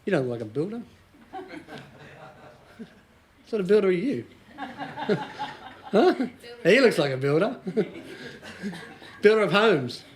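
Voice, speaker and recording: Man, Australian accent, high-pitched, live talk to a small group, jokey, storytelling. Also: sing-song, takes it slowly, long pauses. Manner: jokey, storytelling, laughs often. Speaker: motivational speaker.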